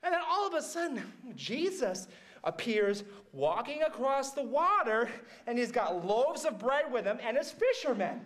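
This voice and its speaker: A man playing a mixed-up, excitable storyteller who retells Bible stories to kids, rambling and checking in with "right?" and "okay?". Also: very high voice, normal speed, heavily acted. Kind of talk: comic Bible story monologue.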